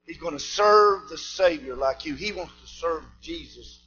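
A man preaching a sermon, swinging between shouted preaching and low asides. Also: moderate pace, highs cut off, a little hiss or hum.

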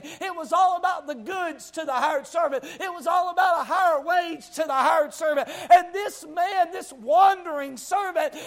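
A male preacher with an Appalachian accent and a very high voice for a man. He preaches a fervent sermon, pushing up into shouts and asking the room for amens.

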